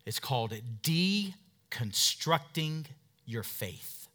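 A man in his thirties preaches to his congregation with a bright, forceful edge and a voice pitched somewhat high. He is emphatic, calling out for amens, dropping to near-murmurs before climbing back to loud, insistent declarations. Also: sing-song, drawn-out words. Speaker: pastor. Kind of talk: sermon.

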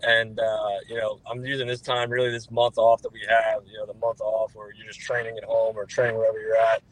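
A young man in his twenties from New Jersey, answering interview questions in a relaxed way with plenty of fillers. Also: lowish voice, a little fast, dry recording, rough recording. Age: 20s. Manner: relaxed, repeats filler words. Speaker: guest quarterback.

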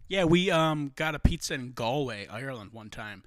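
A man's voice: medium pitch, expressive, normal speed, no echo. A young American man hosting a podcast, rambling and joking with lots of swearing in casual chat. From United States. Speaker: podcast host.

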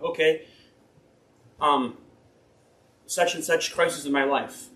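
A man with a notably high voice preaches an informal sermon in an echoing church hall. He reads scripture, then slips into personal stories. His delivery is folksy, earnest and rambling, and he often stops to correct himself. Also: steady tone, a little slow, long pauses, bright, forceful tone, a little hiss or hum. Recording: roomy echo.

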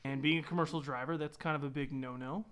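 Man, tour guide, relaxed storyteller who laughs a lot, slightly high voice. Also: fast talker, clean tone. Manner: laughs often, relaxed, lots of restarts and quoted dialogue. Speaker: tour guide and van driver. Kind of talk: casual anecdote telling.

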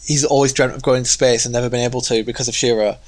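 A man co-hosting a casual chat show, telling long, rambling stories in an animated way. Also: mid-range voice, quick pace. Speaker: podcast co-host.

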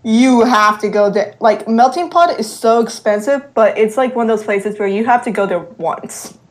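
A woman co-hosting a podcast, chatting casually and calmly giving her take on restaurants. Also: a little high, normal speed. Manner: relaxed, gives opinions on food. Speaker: podcast co-host. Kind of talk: casual chat.

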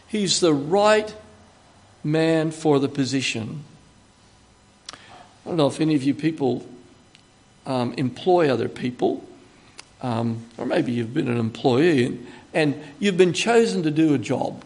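A man's voice: a little high, lively intonation, unhurried, pauses often. An older man with an Australian accent, preaching a sermon in a chatty, joking way, with emphatic bursts when he quotes God. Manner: conversational, chatty teaching with asides and humor.

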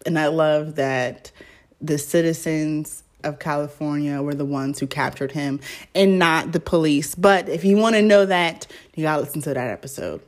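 Speaking at a normal pace in a low voice, a young woman runs her own podcast. It's a casual solo chat, rambling and full of filler words.

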